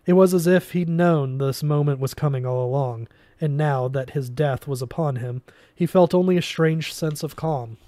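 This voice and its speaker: Man reading a novel, mellow dark tone, dry close sound, steady storytelling. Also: on the high side, normal speed, no echo. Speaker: reader.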